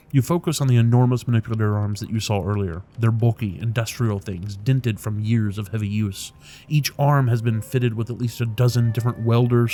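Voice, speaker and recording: A man's voice: on the low side, a little mellow, slight background noise. A man narrating a video game, reading its text aloud with casual remarks and tripping over unfamiliar names. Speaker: let's play commentator.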